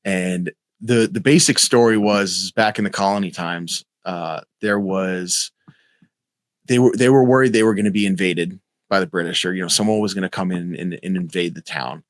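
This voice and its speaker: A man with a somewhat low voice hosts a casual podcast chat, talking in quick, eager bursts and swearing freely. The recording is close and dry, with no room sound. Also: no echo.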